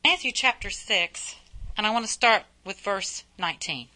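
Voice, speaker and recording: A woman's voice: mid-range voice, expressive, normal speed, pushed and bright. A middle-aged woman preaching a sermon in a folksy way, full of rhetorical questions and repetition.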